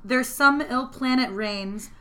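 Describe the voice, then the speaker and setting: A woman cold-reading a Shakespeare speech as a wronged, proud queen on trial, pausing for breath at every line. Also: sits high, fairly bright tone. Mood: grave.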